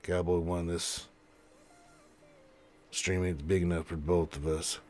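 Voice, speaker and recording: A man's voice: low voice, level tone, slow pace, darkish tone, pitched below the performer's own voice. A man voicing a folksy cowboy, drawling as he reads out a chat message.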